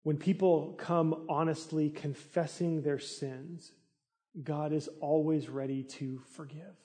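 A man's voice: on the high side, steady tone, slow pace, mellow. A middle-aged man preaching a sermon in an earnest, conversational way that rises in intensity. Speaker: pastor.

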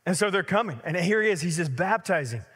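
A man in his thirties preaching a sermon as a pastor, telling stories in a lively conversational way with many fillers. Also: sits high, fast, husky, long reverb tail.

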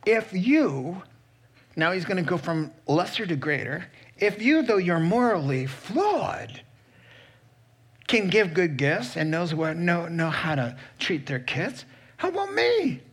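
A man's voice: fairly high pitch, expressive, slow pace, slightly rough. A man preaching a sermon in a conversational way, teasing the congregation directly.

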